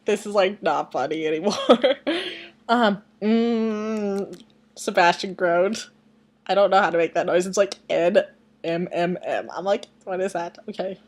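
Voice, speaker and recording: A woman with a medium-pitched voice reads fan fiction aloud and breaks off into rambling, self-deprecating remarks, now and then mumbling her words. She sits at her computer and talks into its built-in webcam microphone. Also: measured pace.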